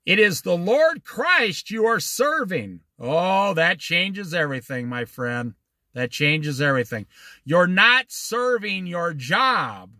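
A man's voice: sits high, no room sound, studio quality. A middle-aged man leading an informal Bible study, telling stories in a folksy, emphatic way. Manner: folksy, animated storytelling with emphatic slow stresses.

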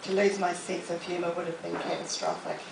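This middle-aged New Zealander, a motivational speaker, tells comic self-deprecating anecdotes with acted quotes to a library audience in a fairly low, creaky, level voice at a fairly quick pace. The distant mic captures an echoey room and noisy background.

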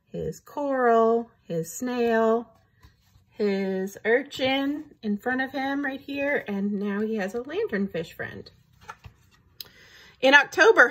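A woman reads a children's picture book aloud, slow and unhurried. Her voice swoops in a lively, singsong way and has a slightly breathy quality. She keeps pausing to ask the young listeners questions. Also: a little high. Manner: engaging, asks the listeners questions. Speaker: teacher reading to children.

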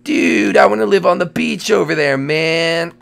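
A man's voice: high voice, normal speed, gravelly. A man voicing a laid-back surfer-dude male dinosaur who has just thawed from ice, talking in drawling slacker slang for a Minecraft role-play comedy.

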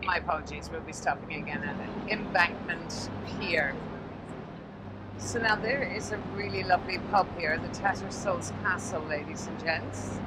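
A woman's voice: fairly low pitch, normal speed. A woman narrating a river boat tour in a chatty, upbeat, informal way, recorded on an outdoor deck with a camera mic. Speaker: tour guide. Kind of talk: narrated walking-tour vlog. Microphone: camera mic, filming herself. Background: loud engine and water noise.

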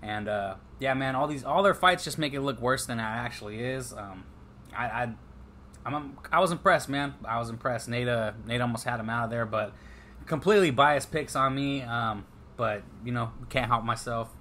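A man from California with a bright, forceful voice, chatting casually as a podcast co-host. He talks in a slangy, emphatic way, and a faint hum of noise sits behind him. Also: medium pitch, moderate pace. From Stockton, California. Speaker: podcast co-host, MMA betting picks. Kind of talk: casual chat.

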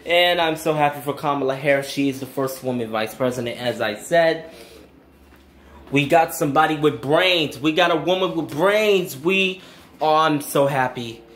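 A young woman vlogging to her viewers, gushing with excitement and swearing freely. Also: low voice, normal speed, echoey room, a little hiss or hum. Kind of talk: excited casual vlog.

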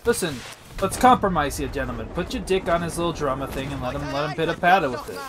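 A man streaming an online game, joking loudly and yelling in comedic role-play chat. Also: fairly high pitch, expressive, quick pace, noisy background. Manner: loud, joking, often yelling.

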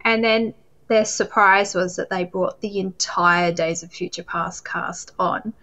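A woman's voice: lowish voice, steady tone, measured pace, bright, forceful tone. An Australian woman, a podcast guest, telling a story in casual chat, acting out quotes and laughing often.

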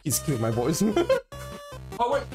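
A man streaming a video game live, chatting excitably to his viewers with lots of laughs and stumbling restarts. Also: medium pitch, normal speed. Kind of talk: livestream gaming commentary. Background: game music.

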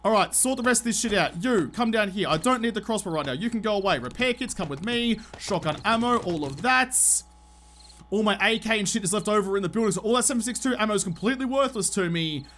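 A man's voice: sits high, expressive, fast, a bit bright, a little hiss or hum. Frantic man narrating gameplay. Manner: frantic and swearing, talking to himself. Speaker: gaming channel host. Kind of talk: live gameplay commentary.

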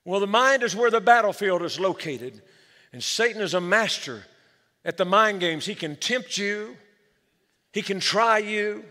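A man's voice: high-pitched, lively intonation, unhurried, sharp tone. A man preaching a sermon as pastor, with energy, calling the church for amens. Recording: long hall reverb.

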